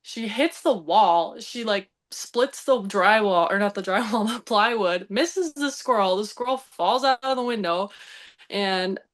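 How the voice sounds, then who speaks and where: A woman speaking at an average pitch tells a story on a podcast. Her delivery is lively and full of laughter. She acts out the lines of the people in her story. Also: a little slow. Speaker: podcast team member. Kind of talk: casual storytelling.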